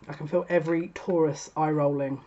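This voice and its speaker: A fairly low-voiced woman talks through a tarot reading in a chatty, exasperated way, often laughing at her own asides. The audio is a little dull and lo-fi. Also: darkish tone. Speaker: tarot reader.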